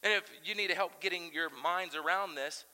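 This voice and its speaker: Bright-voiced male preacher in a reverberant hall. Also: high-pitched, moderate pace. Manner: animated preaching, chanting crowd shouts aloud. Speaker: pastor. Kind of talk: sermon.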